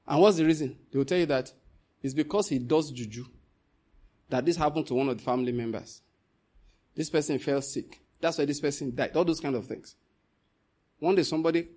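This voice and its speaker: Preacher guy, high husky voice, swings loud then low, very lively. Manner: animated, swings from loud scolding to low storytelling. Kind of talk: sermon.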